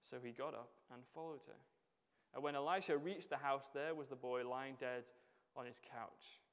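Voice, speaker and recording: A man's voice: medium pitch, fairly even intonation, normal speed, smooth. A man preaching a sermon in a church, talking conversationally and asking his listeners rhetorical questions. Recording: long hall reverb.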